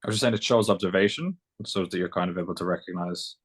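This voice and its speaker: A man co-hosting a casual podcast, making a point in a quick, earnest way. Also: sits low, husky. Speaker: podcast co-host. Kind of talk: casual chat.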